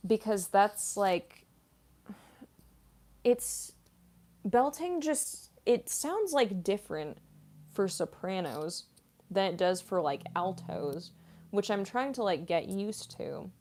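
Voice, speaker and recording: With a medium-pitched, slightly mellow, sing-song voice, she speaks slowly and leaves long pauses. She's a voice actress, streamer, and classically trained singer answering viewer comments in chatty livestream talk packed with "like" and "um."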